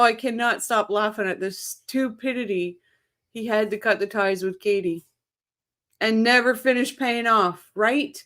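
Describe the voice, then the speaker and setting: A woman hosting a casual livestream, chatting excitedly, laughing often and reading viewer comments aloud. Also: mid-range voice. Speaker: livestream host. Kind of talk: casual live-chat commentary.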